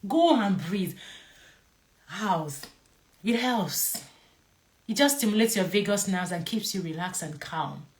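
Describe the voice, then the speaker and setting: A woman's voice: on the low side, unhurried. Playful woman teaching to camera. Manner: playful, emphatic, repeats key words; asks viewers to comment. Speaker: mental health educator.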